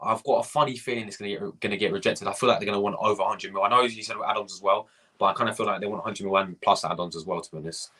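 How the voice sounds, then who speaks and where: A man's voice: on the low side, steady tone, very fast, bright, forceful tone. A young man hosting a fan live stream, ranting, swearing and repeating himself while greeting viewers from the chat. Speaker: fan channel host.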